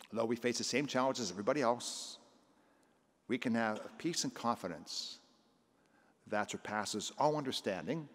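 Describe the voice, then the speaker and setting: Older priest giving a sunday sermon, chatty, voice ringing around a big church. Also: male voice, mid-range voice. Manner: conversational preaching, acting out scripture voices. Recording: long church reverb.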